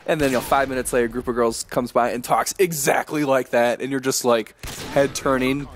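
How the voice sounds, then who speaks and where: A man's voice: mid-range voice, fairly even intonation, fairly quick, a little hiss or hum. Young man ranting over gameplay. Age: young adult. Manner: rambling, chuckling, ranting. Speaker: gaming commentator. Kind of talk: casual gameplay commentary.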